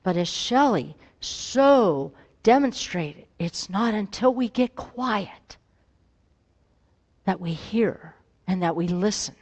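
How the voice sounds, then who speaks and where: Slow, soft-spoken woman pastor in a hall. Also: mid-range voice, expressive, breathy edge, dull audio. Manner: gentle, reflective, storytelling. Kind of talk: sermon. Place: church sanctuary. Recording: long reverb in a hall.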